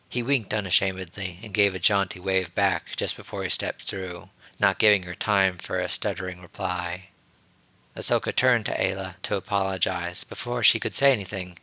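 A man reading a story aloud as narrator, in a steady, even storytelling manner. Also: low-pitched, no room sound. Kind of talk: audiobook reading of fan fiction.

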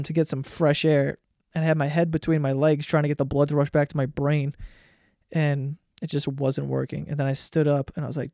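A man's voice: fairly high pitch, darkish tone, no echo, clean studio sound. A young man telling a story casually, rambling with lots of filler words and swearing. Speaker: vlogger.

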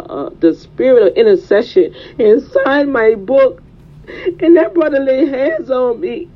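Fervent woman preaching. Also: on the high side. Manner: fervent, repetitive preaching cadence. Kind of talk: sermon. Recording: dull, lo-fi recording.

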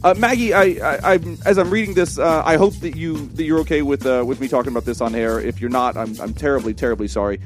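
A man hosting a podcast, reading listener mail aloud with many pauses and fillers. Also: fairly high pitch, faint music behind. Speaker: podcast host.

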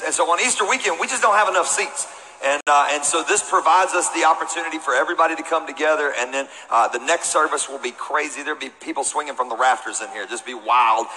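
A man's voice: fairly high pitch, bright, forceful tone, in a large hall, a little hiss or hum, poor audio. A man in his forties with a Texan accent, a pastor telling playful, joking stories to his congregation from the stage of a large church auditorium. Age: 40s. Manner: storytelling, playful and joking with the crowd. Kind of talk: sermon.

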